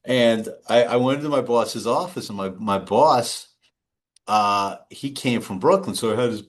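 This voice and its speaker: A man's voice: medium pitch, moderate pace. Chatty middle-aged man telling anecdotes. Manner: rambling, anecdotal, frequent restarts and laughs. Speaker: guest. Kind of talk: casual interview talk. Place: home or office.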